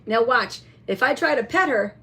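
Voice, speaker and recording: A woman in a casual show-and-tell vlog, chatting about a toy with many fillers and some throat-clearing. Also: fairly high pitch, lively intonation, moderate pace, fairly bright tone. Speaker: vlogger showing a toy.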